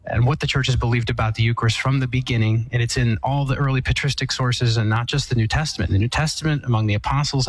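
A man who is an Eastern Catholic priest, explaining church teaching on a call-in radio show in a thoughtful, measured way, with frequent fillers and restarts. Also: mid-range voice, poor audio. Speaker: Eastern Catholic priest answering listener questions.

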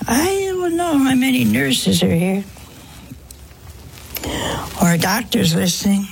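A woman preaching a devotional sermon, telling it slowly and emphatically with rhetorical questions. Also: fairly high pitch, vocal fry, slight background noise.

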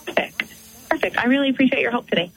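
A woman calling in to a radio show, brisk and grateful as she wraps up. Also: a little high, animated, a bit bright, slightly rough, poor audio. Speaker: caller. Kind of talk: phone call to a radio show.

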